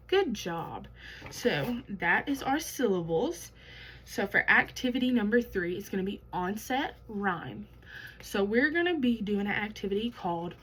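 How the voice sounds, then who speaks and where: A young woman teaching a kindergarten class and sounding out words slowly and loudly for young children. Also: mid-range voice, slight background noise, poor audio. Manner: slow, exaggerated word sounding for young children. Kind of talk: kindergarten lesson.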